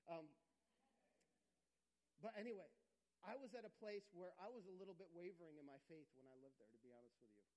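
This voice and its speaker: A man's voice: high-pitched, brisk, long pauses, darkish tone, rough recording. A middle-aged man preaching a sermon as pastor, earnest and conversational, often restarting his phrases.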